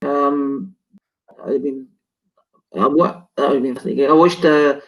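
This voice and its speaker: A man's voice: fairly high pitch, very animated, a little slow, creaky, fairly bright tone, poor audio. A man co-hosting a casual chat, rambling and laughing as he loses his train of thought. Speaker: co-host.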